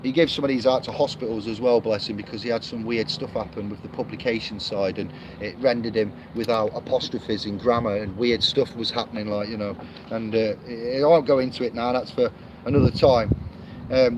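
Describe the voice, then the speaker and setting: A man rambling casually to camera, reviewing a book, with lots of fillers and restarts. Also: medium pitch. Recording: muffled lo-fi audio with clear street noise.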